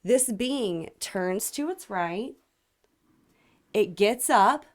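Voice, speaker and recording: A woman ufologist telling a dramatic story in an interview, acting out what people said. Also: medium pitch. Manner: excited, acts out quoted speech, voice climbs when alarmed. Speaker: ufologist guest.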